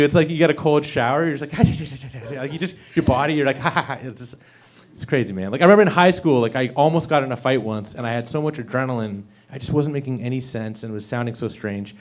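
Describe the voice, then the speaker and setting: A man's voice: medium pitch, fairly quick. A young man performing a stand-up set at an open mic, with an awkward, self-deprecating delivery full of fillers. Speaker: stand-up comedian. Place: comedy club stage.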